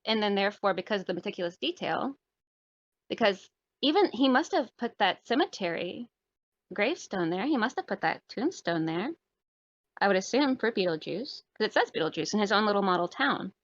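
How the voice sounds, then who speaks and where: A woman's voice: mid-range voice, sing-song, a little fast, dry recording. A woman who is a podcast guest, thinking aloud about a film with lots of likes and you-knows, her voice a little strained from talking. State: losing her voice. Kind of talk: casual movie review chat. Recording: dry, dull lo-fi sound.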